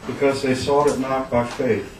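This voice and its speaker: A man's voice: mid-range voice, little pitch movement, moderate pace, darkish tone. A man reads verses aloud for a Bible class. He reads plainly and steadily, far from the mic in a roomy, echoing space with a faint hiss of background noise. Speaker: class member reading scripture. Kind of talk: reading scripture aloud. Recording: echoey room, far from the mic.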